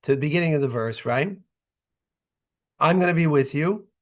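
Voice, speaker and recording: A man with a somewhat high voice teaches a Torah class at a normal speed. He reads verses as short Hebrew phrases, then translates and explains them in English, chatting with his listeners and checking in with "right?" and "okay?"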